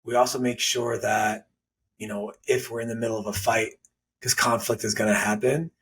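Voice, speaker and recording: A man's voice: on the low side, level tone, normal speed, fairly bright tone, distant mic, a little hiss or hum. A man, a podcast guest, telling a personal story in a blunt, candid way and swearing casually.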